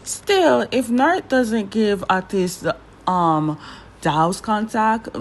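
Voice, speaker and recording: A woman giving casual reaction commentary on a drama trailer, chatty and sassy, talking straight to the characters, with big jumps in pitch for emphasis. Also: lively intonation, slow pace. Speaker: drama trailer recap vlogger.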